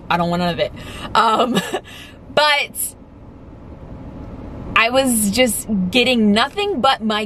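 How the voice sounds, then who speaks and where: A woman's voice: mid-range voice, fairly bright tone, a little hiss or hum. A young woman talking candidly and emphatically in a casual vlog, swearing casually as she goes. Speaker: vlogger.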